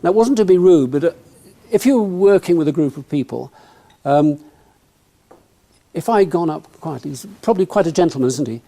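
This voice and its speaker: A man speaks to a live audience about networking, joking and turning to them with questions. His voice sits a little high, with a mellow, relaxed tone. He sounds at ease in front of the room. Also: moderate pace. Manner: humorous, conversational, addresses the audience directly. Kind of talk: motivational talk to an audience.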